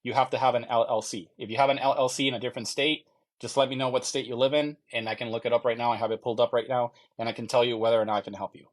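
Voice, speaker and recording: A man's voice: medium pitch, fairly even intonation. Man repeating himself as he checks answers. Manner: halting, repeats phrases while checking answers. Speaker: mortgage loan officer. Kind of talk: live Q&A stream, reading viewer questions.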